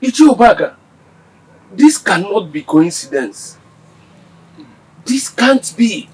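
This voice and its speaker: A troubled village elder in a Nigerian film drama. His voice is husky and slightly high for a man, with a slow and animated delivery. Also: exaggerated voice, poor audio. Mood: lamenting. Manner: lamenting, questioning.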